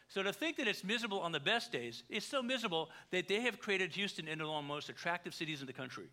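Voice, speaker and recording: A man, a pastor, preaching a sermon in a conversational way, with joking asides and big swings between quiet and loud. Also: sits high, animated, fast, few pauses.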